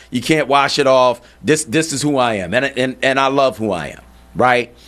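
A male radio talk show host delivering a monologue, animated and incredulous, firing off rhetorical questions. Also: on the high side.

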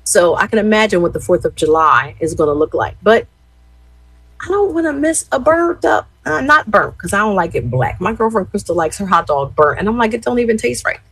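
A husky-voiced woman, chatting with her listeners as a radio host. She speaks in a mid-range pitch, animated and direct. The sound is dry and close. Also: brisk, dry recording, poor audio. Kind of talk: casual radio chat and shout-outs.

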